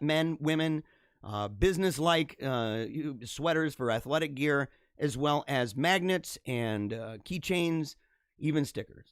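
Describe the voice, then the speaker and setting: A man's voice: on the high side, smooth, no echo. A man hosting a casual live stream from a home basement studio, rambling and laughing often as he comments.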